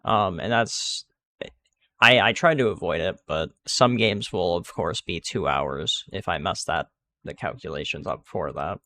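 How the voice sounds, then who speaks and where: A man's voice: deep voice, measured pace, bright, forceful tone. A man giving casual gameplay commentary, rambling and restarting sentences with many fillers. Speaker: gaming video creator.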